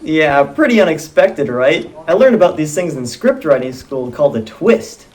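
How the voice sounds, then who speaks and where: A man playing a screenwriter in a comedy sketch, matter-of-fact and mildly exasperated as he pitches. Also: big pitch swings, moderate pace, darkish tone.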